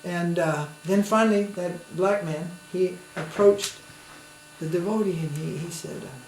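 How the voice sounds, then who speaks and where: At a measured pace, a swami with a high, steady voice gives a spiritual lecture in storytelling fashion. He chats with listeners, using tag questions to ask them to follow. The recording has a roomy feel and a faint hum.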